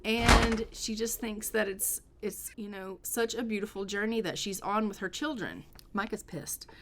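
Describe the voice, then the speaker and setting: A woman's voice: medium pitch, measured pace, slight background noise. A woman casually narrating a life-sim game, chatty and storytelling, often filling in with "like.". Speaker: gameplay narrator. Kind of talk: casual gameplay commentary.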